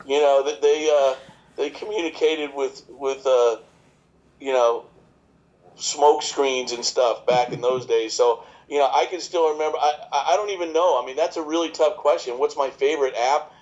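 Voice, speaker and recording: A man's voice: mid-range voice, steady tone, normal speed, a little mellow. Man, fifties, rambling podcast guest, jokey, stumbles and restarts, slightly muffled lo-fi audio. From New York. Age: 50s. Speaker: chiropractor guest. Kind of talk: casual podcast interview.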